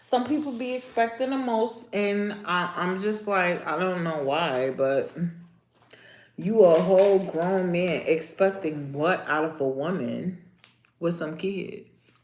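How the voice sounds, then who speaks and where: A young adult woman, hosting a casual livestream and ranting to her viewers in a sassy, animated way. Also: lowish voice, slow pace. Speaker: livestream host. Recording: echoey room.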